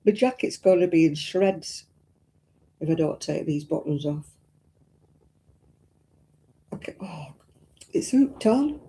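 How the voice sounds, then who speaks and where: A woman chats casually through a crafting live stream, greeting viewers and fussing aloud as she works. Her voice is deeply mellow and warm, and her talk is homely and full of exclamations. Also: lively intonation, takes it slowly, long pauses. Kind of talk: casual live-stream chat while crocheting.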